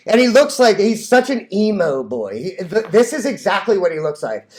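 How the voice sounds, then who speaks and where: Cocky young guy ranting about stocks on his vlog, highish voice, cracks himself up. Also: very animated, moderate pace, few pauses, a little mellow. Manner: brash, cocky, laughs at own jokes. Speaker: stock vlogger. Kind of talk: casual trading vlog rant.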